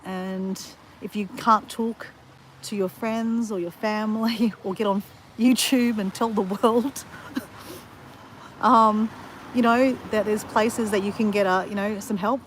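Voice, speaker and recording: A woman's voice: medium pitch, fairly even intonation, measured pace, a little hiss or hum. An Australian woman rambling in casual chat to her viewers as she walks outdoors. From Southeast Queensland, Australia. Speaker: vlogger. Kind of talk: casual livestream chat while walking. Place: outdoors near a beach.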